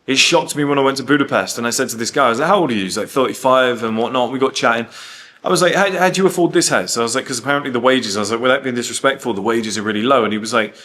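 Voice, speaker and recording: Speaking rapid-fire in a pushed, bright tone, this UK host keeps a medium pitch and fairly even intonation. His casual, blunt monologue is full of swearing and stories told through quoted dialogue.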